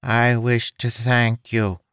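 A man's voice: medium pitch, monotone, slow, a bit bright, smooth, no room sound, studio quality, voice pushed up. A man voicing a nasal, formal male winged creature with a trunk in a storybook reading. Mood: formal, grateful. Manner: stiff, formal phrasing.

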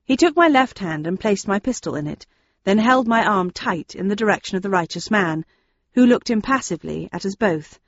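A woman reading a novel aloud in the first person, with measured, steady storytelling. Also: medium pitch, highs cut off. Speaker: audiobook narrator. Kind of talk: first-person audiobook narration.

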